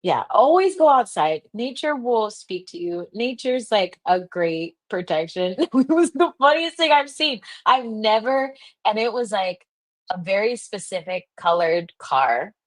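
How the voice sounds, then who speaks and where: With a medium-pitched voice that swings widely, this livestream host takes her time telling a casual story. The young woman laughs a lot and says "like" constantly, and there's no echo in the recording.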